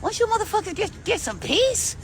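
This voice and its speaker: A woman's voice: very high voice, very animated, brisk, a little hiss or hum. A woman delivering a rambling personal monologue to camera, profane and intense, with sudden shifts in tone. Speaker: vlogger.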